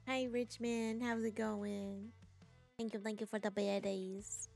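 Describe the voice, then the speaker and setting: A woman's voice: medium pitch, little pitch movement, takes it slowly, vocal fry, a little mellow, faint music behind. A woman game streamer in casual live-stream chat from a home setup, chatty, laughing often and greeting viewers by name, on a desk mic with her headset off.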